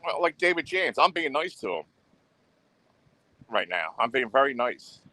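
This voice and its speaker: A man's voice: mid-range voice, very animated, normal speed, bright, forceful tone, no room sound. A man hosting a livestream, talking in a rambling, boastful way and repeating himself. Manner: boastful and repetitive, goes on the offensive. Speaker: livestream host.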